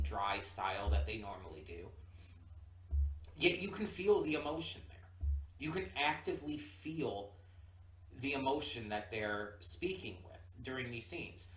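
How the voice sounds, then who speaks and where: A man chats through his reactions in a loose, rambling way, stumbling into restarts and fillers. His voice sits at an ordinary pitch for a man. It is recorded from some distance in an echoey room. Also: fairly bright tone. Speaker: reaction video host. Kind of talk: casual reaction commentary.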